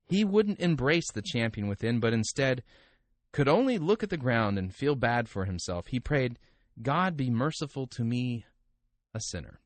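A man's voice: medium pitch, expressive, normal speed, dry recording, natural voice. A man putting on a smiling, self-satisfied megachurch preacher with a Texas drawl. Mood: smug cheer. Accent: Texas drawl, put on. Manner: grinning, upbeat sing-song delivery.

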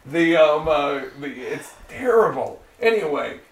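Young male co-host, slightly high voice, rambling, profane, filler-heavy casual recap. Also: sing-song, measured pace. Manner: rambling, swearing often, laughing, many fillers and restarts. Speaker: podcast co-host recapping an episode. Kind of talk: casual chat.

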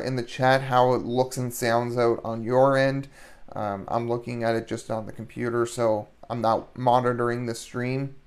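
A man hosting a live stream, talking haltingly with many ums and restarts as he thanks the chat. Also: medium pitch, clear, resonant tone. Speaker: stream host.

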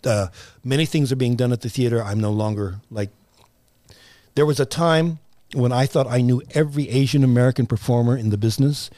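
A man's voice: mid-range voice, a little fast, dark tone, no room sound. An older man, a playwright guest on an interview show, telling stories reflectively, with many fillers and restarts. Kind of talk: conversational interview.

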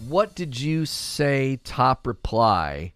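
A man's voice: mid-range voice, big pitch swings, extremely slow, a bit bright, smooth, no room sound, soft background music. A man livestreaming in casual chat, teasing and bantering with his viewers as he reads their comments.

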